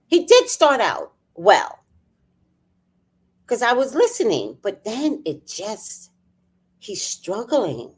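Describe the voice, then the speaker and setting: A woman's voice: medium pitch, wildly swooping pitch, a little slow, a little mellow, husky. A woman hosting a casual livestream, chatting with viewers, laughing often and greeting people by name. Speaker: livestream host.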